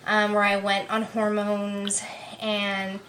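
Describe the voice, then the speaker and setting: A woman in her thirties, a podcast guest, telling a personal story in a frank, expressive way and laughing often. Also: mid-range voice, slow pace, slight background noise. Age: 30s.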